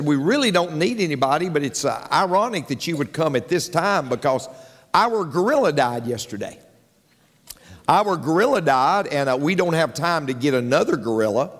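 A man preaching a sermon as pastor, telling folksy jokes and calling out for amens to his congregation. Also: on the high side. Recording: long hall reverb with faint music.

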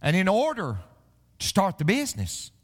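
High, lively-voiced preacher man. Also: normal speed, big-room sound. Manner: preaching with storytelling and repeated refrains. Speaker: pastor. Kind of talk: sermon.

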